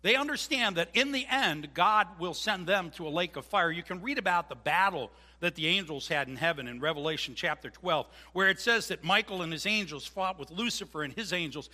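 A man preaching a sermon as pastor, animated and joking, acting out voices. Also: high-pitched, moderate pace, few pauses, long reverb tail. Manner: animated, jokey, acts out voices. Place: church.

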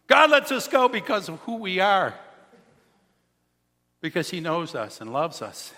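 Lively high-voiced pastor preaching in a reverberant hall. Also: male voice, moderate pace, long pauses. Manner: storytelling, animated, acting out quoted people. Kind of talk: sermon.

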